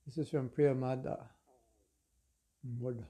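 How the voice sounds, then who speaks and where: A man giving a spiritual lecture to an online class, telling stories in an animated, conversational way with casual fillers. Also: medium pitch, a little slow. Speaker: spiritual teacher.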